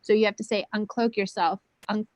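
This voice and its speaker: A woman chatting as a guest on a video call, rambling with lots of "like" and "um" and at times dropping her voice to a hush. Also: mid-range voice, fairly even intonation, a little fast, no room sound, poor audio. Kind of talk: casual video call chat.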